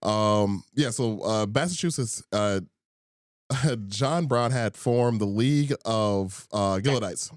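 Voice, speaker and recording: A man's voice: lowish voice, slow, dry recording, clean studio sound. A young man co-hosting a casual podcast chat. He laughs often and talks with many fillers and restarts. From Indiana, USA. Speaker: podcast co-host.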